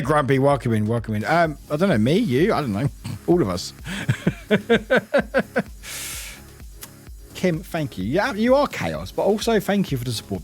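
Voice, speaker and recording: A man's voice: on the high side, a bit bright. A man streaming a game and chatting casually with viewers, rambling, laughing often and swearing casually.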